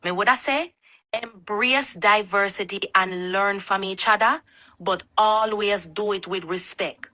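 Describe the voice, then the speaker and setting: Jamaican woman interviewee, bright tense tone, dry recording, earnest advice. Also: mid-range voice, unhurried, dry recording. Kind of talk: interview answers.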